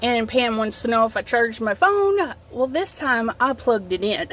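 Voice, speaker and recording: A woman's voice: on the high side, very animated, unhurried, fairly bright tone. A middle-aged woman hosting a casual craft livestream from home on her phone, chatting while she sets up and reading out viewer comments, a bit sniffly from allergies. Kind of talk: casual live-stream chat.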